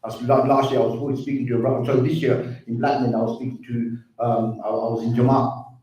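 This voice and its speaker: A fast-talking man with a medium-pitched, mellow voice and flat delivery speaks earnestly to his community about drug addiction. Addressing brothers and sisters, he goes over the same points again, recorded from afar in a very reverberant hall.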